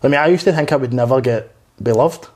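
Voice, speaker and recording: In a quick, medium-pitched, somewhat mellow voice, a man in his twenties who does stand-up talks as a podcast guest. His candid, earnest conversation rambles, feels unpolished, and is packed with swearing.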